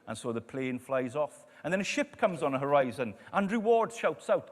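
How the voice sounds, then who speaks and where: A man preaching in a church, his pitch rising and falling in lively storytelling. His voice sits a little high for a man, and a long hall echo trails behind it. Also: fairly quick. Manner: storytelling, lively, drops to quiet emphasis. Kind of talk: sermon.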